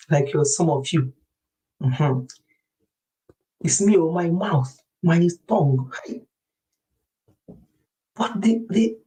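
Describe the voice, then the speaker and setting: A middle-aged woman hosting a wellness show, chatting to a group in a lively, confiding storytelling way. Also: lowish voice, poor audio. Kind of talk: casual chat to a group.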